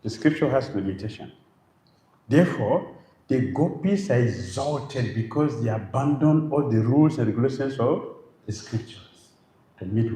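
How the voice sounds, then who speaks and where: A man's voice: mid-range voice, dark tone. A man giving a devotional lecture as a monk, emphatic, repeating phrases and firing rhetorical questions. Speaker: monk preacher. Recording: roomy, faint background noise.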